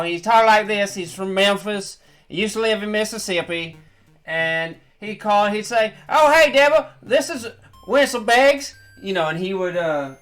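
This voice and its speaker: A man's voice: fairly high pitch, fairly bright tone. A man streaming a game and rambling through a long story in casual commentary, trailing off and restarting often. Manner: rambling, digressive, with fillers and trailing off.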